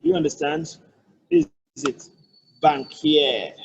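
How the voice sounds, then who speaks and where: Over poor audio with a little hiss or hum, a man's gravelly voice on the high side swoops wildly in pitch. He's a language tutor with a Nigerian accent teaching French online, patiently repeating phrases and breaking them down slowly and carefully.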